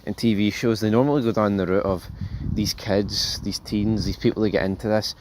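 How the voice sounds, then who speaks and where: A man hosting a casual TV review, rambling and animated, swearing freely and calling viewers folks. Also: fairly low pitch, a little fast, background noise. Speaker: show host, TV reviewer.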